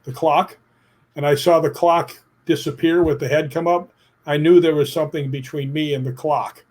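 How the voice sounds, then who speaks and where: A middle-aged man tells his stories as an interview guest, animated and blunt. He acts out the voices of people in his stories and puts stress on key words. His voice sits a little higher than most men's. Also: normal speed. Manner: animated storyteller who acts out quotes; emphatic, plainspoken, casual swearing. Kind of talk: interview storytelling.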